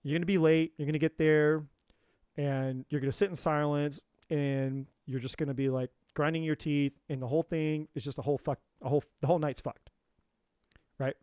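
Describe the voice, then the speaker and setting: Guy on a tarot livestream, fired up, swears a lot, kinda high voice, dry sound. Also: fairly even intonation, fairly quick, darkish tone, clean tone, no room sound. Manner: impassioned storytelling, swearing, repeating phrases. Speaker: tarot reader. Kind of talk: live-stream spiritual talk.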